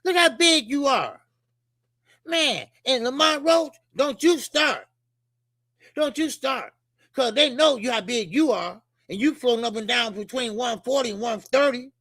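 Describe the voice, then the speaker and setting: A man hosting a boxing talk show, ranting casually and profanely in a rambling, animated way. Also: very high-pitched, normal speed, no room sound, studio quality.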